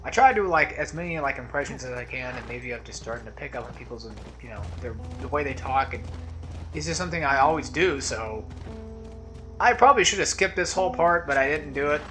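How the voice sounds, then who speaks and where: Soft music plays behind a man with a mid-range, fairly bright voice who talks briskly and expressively. As a let's play commentator, he rambles casually through a video game playthrough, slipping into tangents and letting his words fade into mumbles.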